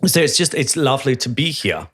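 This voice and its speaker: A man's voice: medium pitch, big pitch swings, fairly quick, fairly bright tone, breathy edge. Comic bit: a man putting on a patchy South African accent, rambling and over-polite, voice swinging up and down. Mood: gushing. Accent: South African, poorly imitated.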